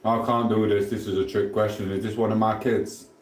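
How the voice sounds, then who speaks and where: His delivery is brisk and flat, in a lowish voice with slight background noise. He's a middle-aged Englishman with a Sheffield accent, responding to livestream chat in a rambling, chatty, cheeky way with casual swearing, in an echoey room.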